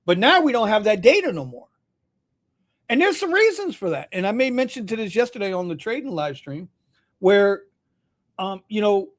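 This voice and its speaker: A man hosting a casual livestream chat, loose and jokey, throwing in "bro" and laughing often. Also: sits high. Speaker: host.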